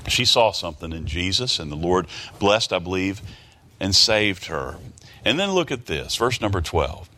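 A man's voice: low voice, very animated, moderate pace, pushed and bright, a little hiss or hum. A man preaching a sermon who reads scripture aloud, repeats his phrases and keeps asking rhetorical questions. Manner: reads scripture aloud in King James wording.

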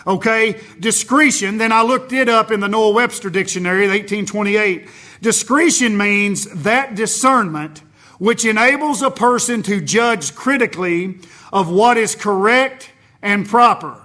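Male Baptist preacher, high bright voice, fervent sermon delivery. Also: a little slow. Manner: impassioned preaching, swings between loud emphasis and low intensity.

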